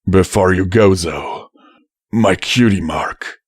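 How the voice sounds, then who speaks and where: A man as a gentle dying stallion father. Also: lowish voice, slow pace, breathy edge, no echo, studio quality. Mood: wry. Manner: soft, tender and quiet. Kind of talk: audiobook character voice.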